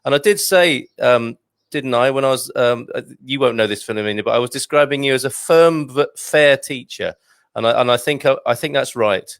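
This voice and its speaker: A man's voice: medium pitch, a little fast, a bit bright, no echo. A man hosting a live online show, chatting casually with a good-humoured, self-deprecating manner. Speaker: host.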